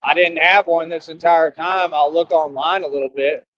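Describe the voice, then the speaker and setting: A man's voice: on the high side, fairly even intonation, normal speed, no echo. A young man with an American country accent, a live streamer delivering a brash, preachy rant to his viewers. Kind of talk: ranting monologue to viewers. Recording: dull lo-fi stream audio with faint noise.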